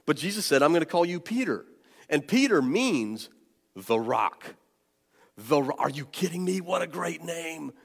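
A male pastor preaching a sermon to his congregation, animated and joking, with plenty of fillers and restarts. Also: fairly high pitch. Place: church sanctuary. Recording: long church hall reverb.

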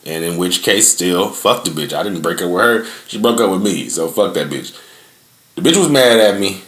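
Animated and low-pitched, a young male podcast host talks at a moderate pace with a fairly bright tone, his voice echoing around him. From his front yard he tells a loose, profane, rambling story, laid-back and full of fillers.

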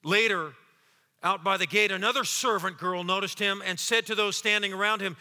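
A man preaching a sermon as pastor, swinging between loud, fiery exclamations and hushed, slow passages, often repeating words and acting out quotes. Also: high voice, steady tone. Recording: long hall reverb.

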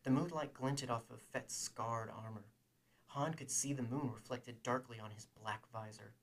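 A man reading a novel aloud in a steady, even storytelling voice. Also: medium pitch, moderate pace. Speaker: audiobook narrator.

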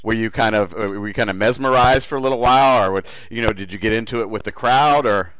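A man interviewing a guest, asking long questions with many halting restarts. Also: fairly low pitch, a bit bright, clean tone, no echo, dull audio. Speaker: interviewer, host.

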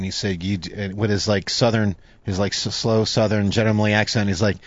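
A man's voice: on the low side, flat delivery, a little fast, dry recording, muffled recording. A man hosting a talk show, sharing stories in an earnest, casual way, often searching for words. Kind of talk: casual chat.

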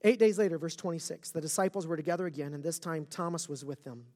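A pastor preaching at a church service in a casual, slangy way, moving between hushed, near-whispered lines and loud, fervent emphasis, and audibly emotional. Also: mid-range voice, fast. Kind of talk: sermon. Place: church service before a live congregation.

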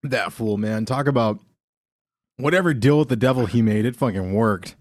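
A man joking in casual podcast banter, rambling and profane, often slipping into quick mocking impressions. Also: medium pitch, a little hiss or hum. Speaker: comedy podcast panelist.

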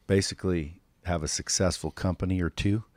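A man's voice: low-pitched, fairly even intonation, fairly quick, a little mellow, no room sound. A man hosting a podcast in a studio, talking in brash, profane, joking banter with his guests. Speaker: podcast host. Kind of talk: casual interview banter. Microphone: studio microphone.

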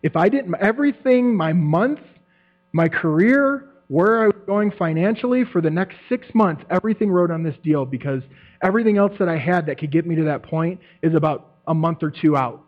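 Male speaker, slightly high voice, lively storytelling testimony, tinny humming recording. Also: normal speed. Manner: animated storytelling, acts out quotes, laughs often. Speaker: church member giving a testimony. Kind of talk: testimony talk to a church group. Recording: tinny phone-like sound with mains hum.

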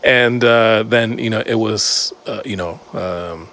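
Low-voiced laid-back man telling a story. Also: slow, fairly bright tone. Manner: laid-back storyteller, full of fillers, laughing between lines. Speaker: podcast co-host. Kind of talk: casual chat. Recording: faint background noise.

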